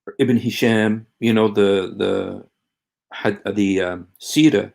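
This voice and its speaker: Low gravelly guy rambling on his livestream, lots of ums and restarts. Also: fairly even intonation, a little mellow. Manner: halting, rambling, many fillers and restarts. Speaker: livestream host. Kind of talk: casual livestream talk.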